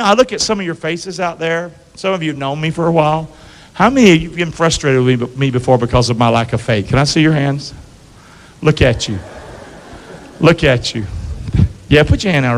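Animated preacher with call-and-response, reverberant hall. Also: male voice, moderate pace, pauses often, a little hiss or hum. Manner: call-and-response preaching, asks the congregation to answer; animated, swings between loud calls and low asides. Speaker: pastor. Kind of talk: sermon. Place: church sanctuary.

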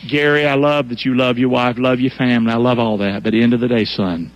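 A man preaching and voicing God as a calm, reassuring, fatherly presence. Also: mid-range voice, muffled recording, pitched below the performer's own voice, lightly acted. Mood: tender. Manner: slow, warm, reassuring, fatherly. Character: God, deep fatherly divine voice, calm and assuring. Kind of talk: sermon with acted divine voice.

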